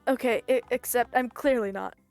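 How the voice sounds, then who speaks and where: A stammering, self-pitying phone-headed loser with a high, bright voice, read by a woman streamer over faint music. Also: normal speed, gravelly. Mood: flustered.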